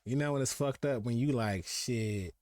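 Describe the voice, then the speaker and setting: A man's voice: mid-range voice, normal speed, a little mellow, dry recording. A young man hosting a live podcast stream, telling stories in casual slang and acting out what people said. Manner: laid-back slangy storytelling, acts out quotes. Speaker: podcast host.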